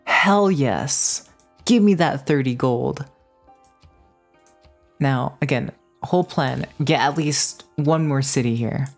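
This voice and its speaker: A woman streaming a strategy game live, teasing her chat in a playful, excitable way. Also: extremely low pitch, slow, faint music behind. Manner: excitable outbursts. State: just woke up. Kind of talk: casual live gaming commentary.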